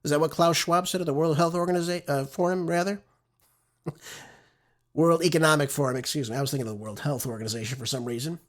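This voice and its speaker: A male talk show host with a somewhat high-pitched voice, speaking off the cuff in an opinionated, conversational way. He often ends his points with a quick "right?" to pull the listener along. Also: fairly even intonation. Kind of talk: conversational political commentary.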